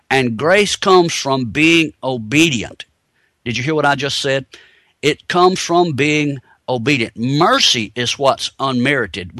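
Bright-voiced man teaching scripture. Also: medium pitch, dry recording. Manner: explanatory, building points step by step with rhetorical questions. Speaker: Bible teacher. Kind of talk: teaching sermon.

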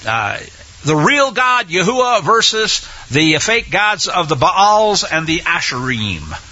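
A man preaching a sermon, retelling scripture in a colloquial, animated way and acting out the quotes with shouts. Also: sits high, slow. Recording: dull lo-fi recording.

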